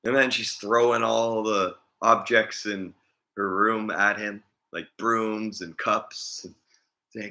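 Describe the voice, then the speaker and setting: A man's voice: lowish voice, fairly even intonation, slow pace, sharp tone. A man vlogging in a casual, rambling chat, often chuckling as he talks.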